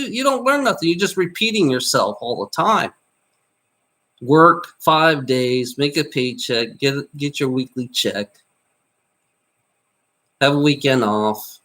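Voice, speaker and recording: A man vlogging in a rambling monologue, repeating himself, swearing and tagging nearly every line with "you know?". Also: a bit bright. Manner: voice jumps high on exclamations.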